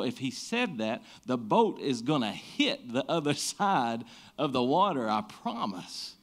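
A man preaching a sermon in a casual, conversational way, often restarting phrases and swinging from quiet to intense. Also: mid-range voice, big pitch swings, a little slow. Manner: conversational preaching, frequent restarts, rises and drops in energy. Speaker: pastor.

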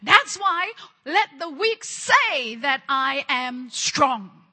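A woman's voice: high voice, sing-song, very slow, sharp tone. A woman preaching a charismatic sermon, fervent and repetitive, calling on her listeners to respond.

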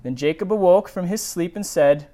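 Speaking at a moderate pace in a high voice, this male pastor reads scripture during his sermon and keeps wandering into lively tangents.

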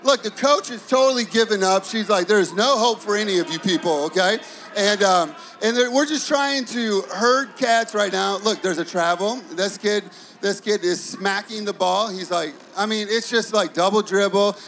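A man in his thirties preaching a sermon, telling stories in an animated, playful way. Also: moderate pace, slight background noise. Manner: animated storytelling, acts out kids in high voices. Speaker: pastor.

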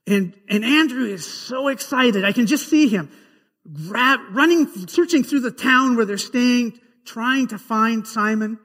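A man's voice: very high-pitched, unhurried, bright, forceful tone, long reverb tail. A man preaching a sermon, retelling scripture scenes as a vivid story. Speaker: pastor. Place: church sanctuary.

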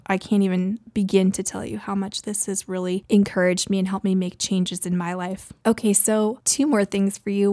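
A woman in her thirties hosts a casual podcast on her own and chats through family stories with frequent laughter. Her voice sounds mellow and relaxed. It is recorded close up in a dry space with no room sound. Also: mid-range voice, no room sound. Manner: chatty, laughs often, warm storytelling. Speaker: podcast host. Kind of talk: casual solo podcast chat.

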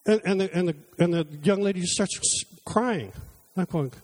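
Moving at a moderate pace, a fairly high, somewhat mellow male voice gives a conversational sermon, recounting personal stories and playing out his exchanges with God, then closes with a prayer.

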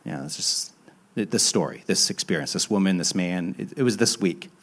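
At a moderate pace, a young adult man preaches a sermon as a pastor, recounting stories candidly and at his own expense. He often restarts and shifts from emphatic high points to hushed, low comments.

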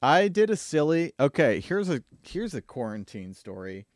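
A young American man co-hosting a podcast, telling a story with animated energy and casual chat. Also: on the high side, normal speed. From United States. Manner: animated storytelling, slips into silly voices. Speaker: podcast co-host.

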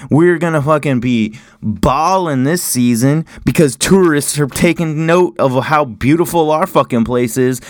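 A man's voice: medium pitch, dry recording, studio quality. Heated swearing male podcast host. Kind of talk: profane ranting monologue.

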